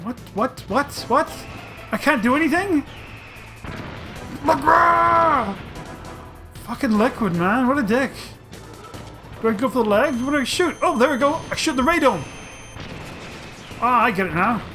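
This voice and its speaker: A man giving excitable, profane gameplay commentary, often breaking into loud outbursts, over game music. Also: very high-pitched, unhurried, long pauses. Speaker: let's play host.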